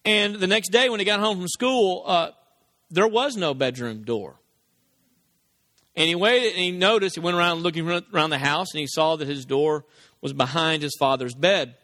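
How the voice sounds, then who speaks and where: High-voiced man preaching a lively sermon. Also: moderate pace, dry recording. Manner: animated storytelling, acting out voices with big pitch swings.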